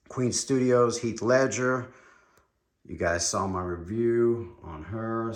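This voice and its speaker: A man's voice: low-pitched, fairly bright tone. A man with a New York accent giving an enthusiastic, rambling tour of his collection room at home. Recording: echoey room.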